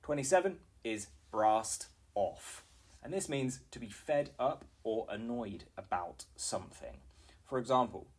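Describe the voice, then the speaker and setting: A young man with a British accent works through informal expressions in a lesson, speaking at an unhurried pace. His voice has a slightly husky, breathy edge. He reads each example sentence with a bit of acted feeling. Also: medium pitch. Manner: slow, clear teaching delivery with acted example sentences. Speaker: English teacher. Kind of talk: explaining British slang to learners.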